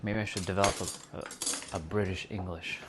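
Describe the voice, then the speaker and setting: A man's voice: low-pitched, steady tone, moderate pace, noisy background. A man from North America, chatting casually with viewers on a livestream while making a hot drink. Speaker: livestream host.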